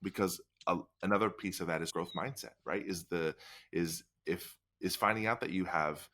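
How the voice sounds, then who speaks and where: A man who is a guest expert on workplace culture gives long, energetic explanations in an interview, often adding "like" and "right?". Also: deep voice, normal speed.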